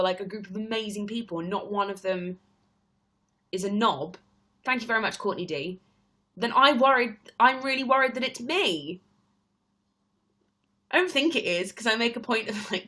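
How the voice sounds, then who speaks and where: A young woman with a British accent talks into her webcam at home, hosting a relaxed live stream. She rambles from thought to thought and laughs easily. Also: medium pitch, normal speed, long pauses. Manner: chatty, rambling, laughs often. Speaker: livestream host. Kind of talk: casual live-stream chat.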